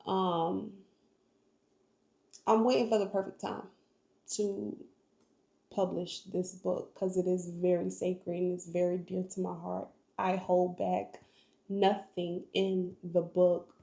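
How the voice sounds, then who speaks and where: A young woman shares her life story on a vlog, earnest and full of faith. Her voice is gravelly and mellow, and her delivery is slow. She sounds like she is in a room with a lot of echo. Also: on the low side, level tone. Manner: earnest, emotional, faith-filled testimony. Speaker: vlogger. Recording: echoey room.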